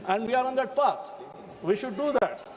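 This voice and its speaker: A man's voice: very high-pitched, expressive, normal speed. A man with an Indian English accent giving an emphatic speech in a parliament chamber, repeatedly addressing the chair as sir. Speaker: member of parliament. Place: large parliament chamber, indoors. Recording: reverberant chamber broadcast feed.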